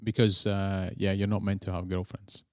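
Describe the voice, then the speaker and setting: A man's voice: low-pitched, little pitch movement, moderate pace, darkish tone, smooth, no room sound, clean studio sound. A man with a Scottish accent, a guest in a conversational interview, telling stories in a rambling way and often correcting himself. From Scotland. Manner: rambling, self-correcting storyteller.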